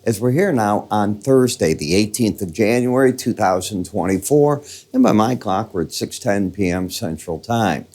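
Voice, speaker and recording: Older man, Midwestern American accent, somewhat low voice, conversational market commentary, folksy and explanatory. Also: animated, moderate pace, darkish tone. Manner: chatty, folksy asides, explaining charts.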